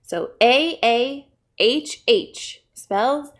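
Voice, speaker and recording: A woman children's librarian reading a picture book aloud to kids, playful and bursting into loud exclamations. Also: a little high, expressive, extremely slow. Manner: playful, with big shouted exclamations.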